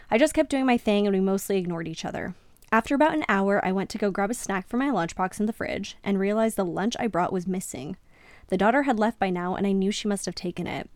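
A woman podcast host reads a listener's story aloud on a podcast microphone, then reacts to it with lively, emphatic comments. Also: mid-range voice, dry recording.

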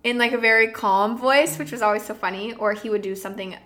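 Young woman, podcast host, bright tone, animated casual chat, loud bursts. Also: a little high, fast. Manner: animated, swings between soft and loud, laughs often.

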